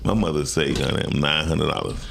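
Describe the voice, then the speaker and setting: A man co-hosting a morning talk show, telling a personal story in a casual, animated way and acting out other people's voices. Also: extremely low pitch, moderate pace, creaky, background noise. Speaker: co-host.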